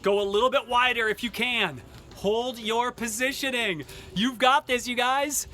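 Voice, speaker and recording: A cheery man with a high, bright voice leads a workout class at an unhurried pace. He mixes cues with puns, and faint music plays behind him. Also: fairly even intonation. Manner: upbeat, cheery, cracks puns. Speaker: fitness instructor. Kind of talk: live-streamed workout class with jokes. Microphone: camera mic he adjusts.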